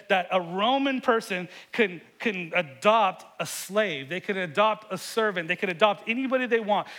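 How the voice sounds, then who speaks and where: A middle-aged man preaching a sermon, earnest and often repeating words, swinging between loud emphasis and hushed moments. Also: high voice. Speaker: pastor.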